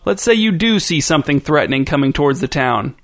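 A man's voice: a little high, lively intonation, fast talker. A man voicing a brash middle-aged male radio host who talks eagerly, like a salesman. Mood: pushy.

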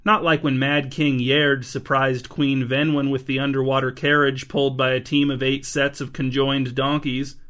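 A man's voice: mid-range voice, level tone, moderate pace, few pauses, a bit bright, lightly acted. A man voicing a dry, blunt adult queen who sounds unimpressed, in a storybook reading.

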